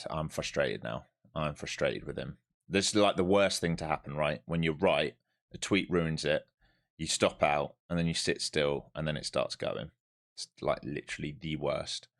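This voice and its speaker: Low gravelly man. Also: fairly bright tone. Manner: thinks aloud to viewers while watching charts, blunt and profane. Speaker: live-streaming day trader. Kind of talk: live trading commentary.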